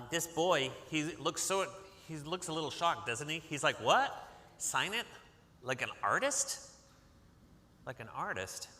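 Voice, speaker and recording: A Massachusetts author reads a picture book to young listeners in a bright, forward, slightly high voice, keeping it lively and coaxing them into call-and-response. A long reverb lingers in the hall around him.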